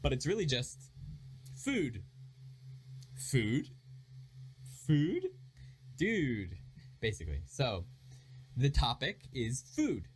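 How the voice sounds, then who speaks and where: A man walks through a beginner language lesson, explaining step by step and reading example phrases aloud slowly. His pitch moves a lot as he talks, lively and animated. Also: slight background noise. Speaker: Japanese learner teaching a lesson.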